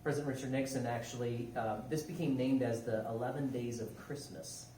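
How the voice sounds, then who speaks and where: A relaxed military chaplain introduces slides to a seated audience, speaking at an easy, measured rate. The mic is far off in an echoey room with clearly audible noise behind him. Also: male voice, medium pitch. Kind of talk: informal talk to a museum audience. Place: museum room.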